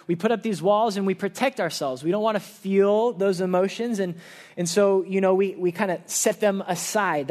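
High-voiced earnest preacher man. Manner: earnest, personal storytelling. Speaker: pastor. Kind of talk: conversational sermon. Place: church service.

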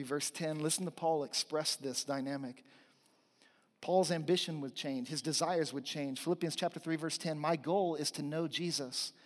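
Preaching man with a higher voice, reverberant hall. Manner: earnest preaching with emphatic repetition. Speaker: pastor. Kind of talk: sermon.

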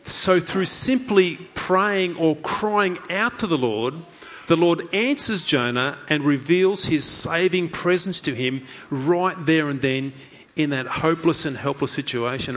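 A man's voice: on the high side, unhurried, fairly bright tone, dull audio. A man preaching a sermon in an earnest way, asking many rhetorical questions and voicing the thoughts of a story figure. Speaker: pastor.

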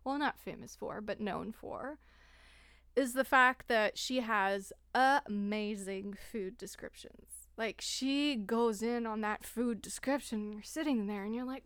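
A woman's voice: a little high, measured pace, a bit bright, clean tone, no echo. A woman co-hosting a podcast, chatting casually and animatedly about books, laughing and swearing often. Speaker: podcast co-host. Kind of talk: casual book chat.

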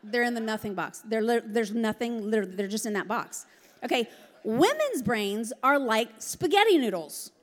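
A middle-aged woman preaching a lively, joking sermon. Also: fairly high pitch, normal speed. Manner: lively, joking, laughs often. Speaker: pastor. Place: large church hall. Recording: long hall reverb.

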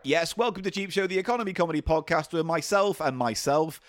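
A man's voice: a little high, fast talker, noisy background. A man co-hosting a comedy podcast, bantering in a mock-formal way and laughing often. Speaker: podcast co-host. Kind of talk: comic banter.

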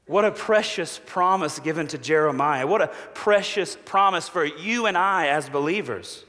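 A man preaching a sermon as a pastor, measured and slow with long pauses, falling to a hushed voice for quoted promises. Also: fairly high pitch. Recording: long hall reverb.

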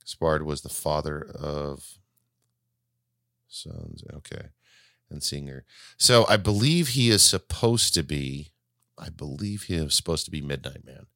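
Low-voiced rambling male podcast host. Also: animated, unhurried, long pauses, sharp tone, dry recording, studio quality. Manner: rambling, self-correcting, chatty. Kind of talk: casual solo podcast talk.

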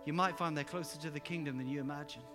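Emphatic high-voiced preacher. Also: male voice, fast talker. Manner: emphatic, animated storyteller, rising to loud exclamations. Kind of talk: sermon with personal storytelling. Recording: reverberant hall with music underneath.

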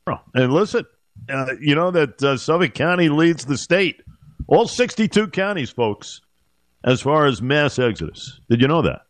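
A man's voice: on the high side, animated, normal speed, dry recording. A man hosting a radio talk show, talking in a hesitant, filler-heavy, teasing way.

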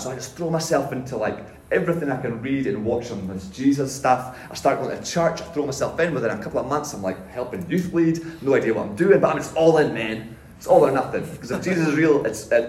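Animated man telling his testimony. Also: mid-range voice. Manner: animated, self-mocking, casual slang. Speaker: pastor giving a testimony. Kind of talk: storytelling sermon testimony. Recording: roomy hall echo.

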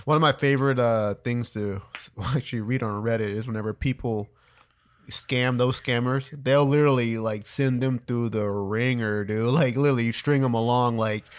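A man co-hosting a podcast in casual chat, relaxed, laughing often and saying dude a lot. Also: mid-range voice, normal speed. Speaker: podcast co-host.

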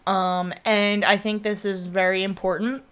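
A woman's voice: medium pitch, level tone, a little slow, fairly bright tone, clear, resonant tone. A woman co-hosting a casual podcast, playful and teasing, often laughing as she argues her point. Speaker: podcast co-host. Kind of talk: casual chat.

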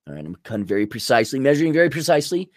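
A man's voice: medium pitch, big pitch swings, racing, no echo, studio quality. A man hosting a podcast, ranting in a blunt, sarcastic and crude way. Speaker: podcast host. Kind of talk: ranting monologue.

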